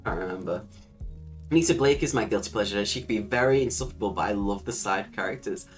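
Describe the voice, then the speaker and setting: A woman hosts a casual livestream, chatting freely, laughing often and swearing casually. Her voice is extremely low-pitched, she talks fast, and soft music plays in the background.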